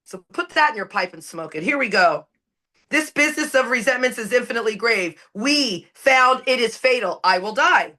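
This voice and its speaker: Her intonation is lively, her pitch on the high side, her pace moderate and her tone sharp. The speaker is a Canadian woman at an online recovery meeting, giving a heated, preachy share with blunt, profane emphasis.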